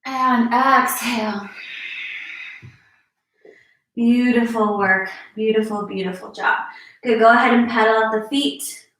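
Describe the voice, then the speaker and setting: Woman yoga instructor, high bright voice, slightly breathless, echoey room, distant mic. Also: fairly even intonation, moderate pace. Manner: encouraging, cueing moves while exercising. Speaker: fitness instructor. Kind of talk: live-streamed yoga class instruction.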